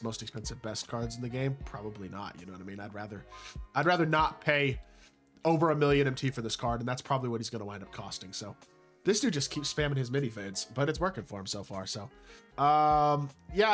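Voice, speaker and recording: A young man giving casual commentary over his own gameplay, rambling and hedging with rhetorical questions. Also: medium pitch. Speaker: gaming YouTuber.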